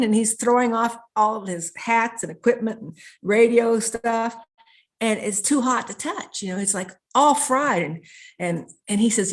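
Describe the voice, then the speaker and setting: In a slightly high voice at a normal speed, a woman being interviewed tells a story with real earnestness. Her thoughts run on, linked again and again by "and."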